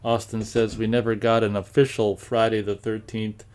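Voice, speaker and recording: Rambling, low-voiced American man. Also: level tone, moderate pace, a little mellow, clean tone. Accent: General American. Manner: rambling, with many fillers and repeated words. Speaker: live show host reading chat comments. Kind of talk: casual live-stream chat.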